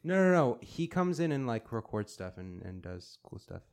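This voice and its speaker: A young man co-hosting a podcast in casual chat, making quick asides and questioning the guest. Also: mid-range voice, very animated, a little mellow. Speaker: podcast co-host. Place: small studio booth.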